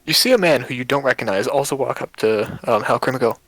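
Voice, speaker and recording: A man narrating as game master in a tabletop game, with a relaxed, casual manner and frequent ums. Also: medium pitch, fast talker, dry recording, poor audio.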